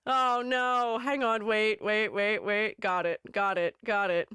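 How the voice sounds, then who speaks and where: A woman's voice: mid-range voice, unhurried, fairly bright tone, clear, resonant tone, no echo, studio quality. A woman streamer chatting casually and rambling with her audience, giggling often. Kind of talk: casual live-stream chat.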